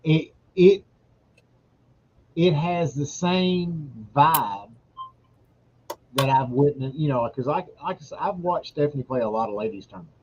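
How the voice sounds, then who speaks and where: A man chats in a relaxed, plain-spoken way. His voice sits a bit higher than usual for a man. The sound is dull and lo-fi, with a faint hiss behind it. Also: a little slow, long pauses. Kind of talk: casual chat. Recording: dull lo-fi audio with faint noise.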